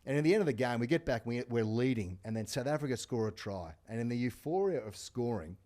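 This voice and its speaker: A middle-aged Australian man, a guest on a podcast, telling sports stories in casual chat with lots of animated restarts. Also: medium pitch. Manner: rapid animated storytelling with restarts. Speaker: podcast guest, former rugby player.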